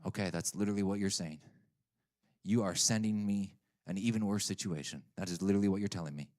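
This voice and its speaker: A man preaching a sermon, reading scripture and acting out the prophet's complaints with lively, dramatic emphasis. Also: lowish voice, fast. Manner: animated, voices Habakkuk's complaints dramatically.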